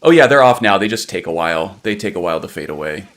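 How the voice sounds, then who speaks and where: A man's voice: sits low, animated, fast, fairly bright tone. A man livestreaming a video game, chatting casually and rambling with plenty of ums and restarts. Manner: rambling, self-correcting, lots of ums.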